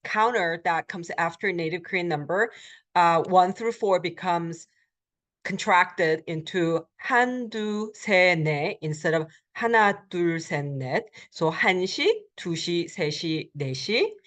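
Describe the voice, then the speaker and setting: A woman lecturing as a Korean language instructor, explaining step by step with frequent ums and uhs and repeating phrases slowly for learners. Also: fairly low pitch, expressive, fairly bright tone. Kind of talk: recorded college lecture.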